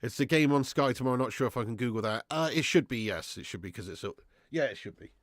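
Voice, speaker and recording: A man's voice: medium pitch, fast, no room sound, studio quality. A man hosting a casual live watch-along stream, bantering with chat, reading out super chats and swearing freely.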